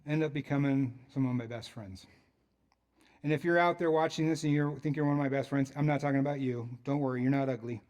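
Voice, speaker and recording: A man's voice: mid-range voice, fairly even intonation, fast talker, a little mellow. A man as a pastor preaching a sermon in a church, in a conversational way with joking asides.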